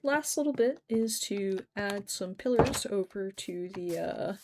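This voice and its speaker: A woman's voice: mid-range voice, lively intonation, unhurried, very noisy. A young woman chatting casually while she plays a game on a live stream, telling stories animatedly and swearing now and then.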